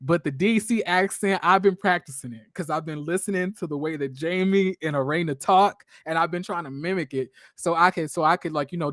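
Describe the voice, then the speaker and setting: Young male streamer, high voice, dry close mic, rambling gossipy reality-TV commentary full of fillers. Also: fairly bright tone, dry recording. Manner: chatty, profane, laughing often, many fillers and restarts. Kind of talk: casual reaction commentary.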